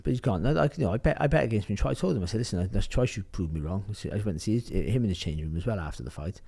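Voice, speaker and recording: A man's voice: fairly low pitch, animated, racing, vocal fry, dark tone, husky. A man talking as a boxing pundit in a casual panel chat, rambling, restarting his sentences and swearing freely.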